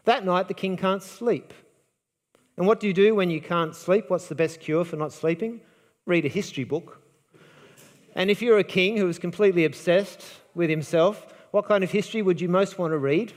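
A man's voice: sits high, moderate pace, long reverb tail. A man preaching a sermon, retelling a Bible story with drama and acting out the quoted lines.

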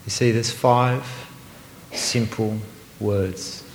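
A man preaching a sermon, earnest and emphatic, sometimes slowing to a hushed, meditative repetition. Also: lowish voice, fairly even intonation, a little hiss or hum. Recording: roomy hall with long reverb.

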